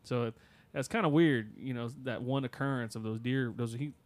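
A man's voice: mid-range voice, steady tone, moderate pace. A man co-hosting a podcast, casually telling a listener's spooky story with many fillers and restarts. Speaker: podcast co-host.

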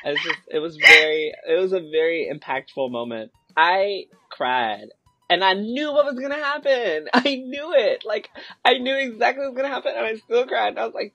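Excitable, animated chatty podcast host. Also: mid-range voice, fairly quick, no room sound, muffled recording, soft background music. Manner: excitable, animated storyteller who laughs often. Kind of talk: casual roundtable chat.

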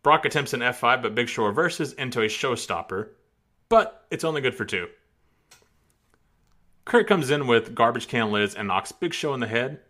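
A man's voice: mid-range voice, lively intonation, moderate pace, bright, forceful tone. A man on a casual podcast reading a match recap play by play, often breaking into laughs.

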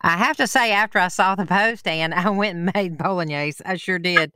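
A woman hosting an interview, asking questions with warm enthusiasm. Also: on the low side, normal speed, clean tone, no echo, studio quality. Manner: warmly enthusiastic, admiring questions. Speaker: interviewer host. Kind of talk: interview conversation.

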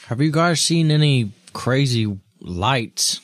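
A man playing a tabletop game, animated and often laughing. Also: mid-range voice, takes it slowly, no room sound, studio quality. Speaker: player. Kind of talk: casual tabletop game banter.

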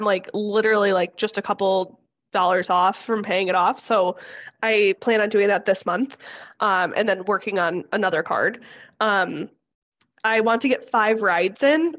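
A woman's voice: mid-range voice, a bit bright. A young woman co-hosting a podcast, chatting casually with many fillers. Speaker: podcast co-host. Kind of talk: casual chat. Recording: slightly dull lo-fi sound.

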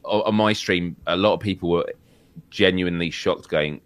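Deep-voiced British man musing aloud. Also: normal speed. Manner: reflective, rambling, with repetitions. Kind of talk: casual chat.

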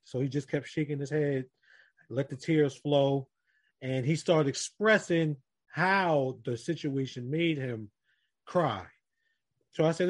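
Man, slightly higher voice, casual podcast chat, earnest storyteller, talks to the group. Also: measured pace.

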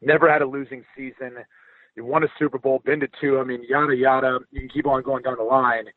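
A man's voice: medium pitch, fast, no echo. Man on a tinny phone line. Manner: relaxed, conversational, with filler ums. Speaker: guest analyst. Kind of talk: casual sports analysis. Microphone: phone call.

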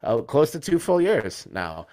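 A man's voice: a little high, sing-song, unhurried, a little mellow. A man hosting a college sports fan podcast, signing off in a loose, joking way with lots of fillers and cursing. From United States. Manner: rambling, joking, swears freely, many fillers. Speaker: podcast host.

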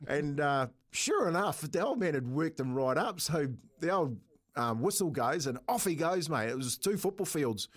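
A man's voice: fairly high pitch, animated, normal speed, breathy edge. A middle-aged man with a New Zealand accent, co-hosting a radio show and telling stories casually, laughing often. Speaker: radio co-host. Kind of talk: casual storytelling.

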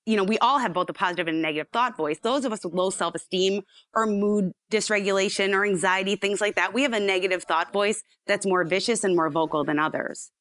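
Woman psychologist, guest, casual explaining, lively storytelling, dry close mic. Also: mid-range voice, fast talker, few pauses, no room sound. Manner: animated storyteller, acts out inner voices.

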